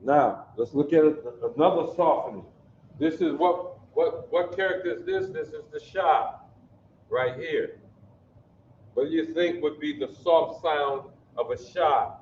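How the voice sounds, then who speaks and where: A man leads a classroom language lesson in a slow, deliberate way. He sounds out syllables and keeps checking whether the students are following. His mellow voice carries a roomy echo, and the recording is dull and lo-fi. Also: fairly high pitch, a little hiss or hum. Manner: slow, repetitive, checks understanding often. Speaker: language teacher. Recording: echoey room, dull lo-fi sound.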